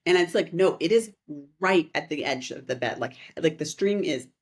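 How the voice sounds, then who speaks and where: A woman in her thirties, a podcast co-host, telling a rambling, animated story in casual chat and laughing often. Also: on the low side, moderate pace, slightly rough.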